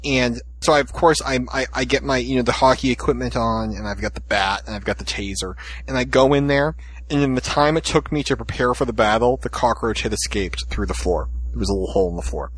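A man's voice: medium pitch, quick pace, a bit bright, breathy edge, dry recording. A man hosting a podcast, telling rambling jokey stories in casual group chat. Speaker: podcast host.

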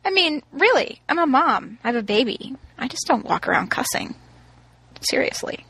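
A woman's voice: sits high, very animated, a little fast, gravelly, a bit bright, husky, no echo. A woman co-hosting a podcast, talking emphatically and teasing in casual chat. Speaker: podcast co-host.

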